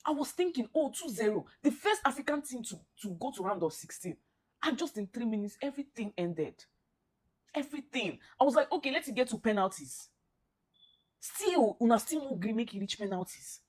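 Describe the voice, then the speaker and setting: A woman's voice: on the high side, big pitch swings, normal speed, slightly rough. Exasperated Nigerian woman ranting. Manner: exasperated, pleading, repeats herself. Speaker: football fan reacting. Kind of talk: emotional reaction rant.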